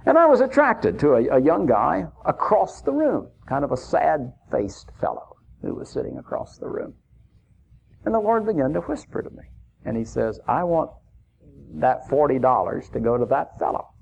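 A man's voice: on the high side, sing-song, normal speed, gravelly, slight background noise. A man preaching, telling a personal story in a folksy, chuckling anecdotal way. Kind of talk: sermon storytelling. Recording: dull lo-fi recording.

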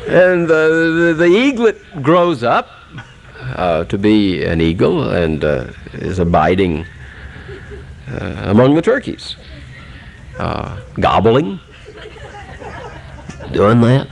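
A male preacher telling a humorous animal story in a folksy, unhurried sermon, with many pauses and fillers. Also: medium pitch, sing-song, vocal fry, a little hiss or hum.

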